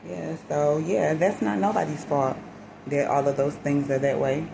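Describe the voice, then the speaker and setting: A woman tells a story in a casual vlog, with a fairly low voice. She is animated and dramatic and acts out the people in it. The recording carries a clear steady hiss behind her. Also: moderate pace. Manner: animated, dramatic retelling with quoted voices and religious exclamations. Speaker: vlogger. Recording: noisy background hiss.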